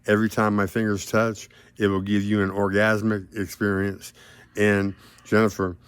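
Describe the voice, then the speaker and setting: Low flat-voiced rambling man. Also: moderate pace, clean tone, no echo. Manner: grandiose, rambling, drifts between loud and mumbled. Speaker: vlogger addressing a celebrity. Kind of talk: rambling direct-to-camera monologue.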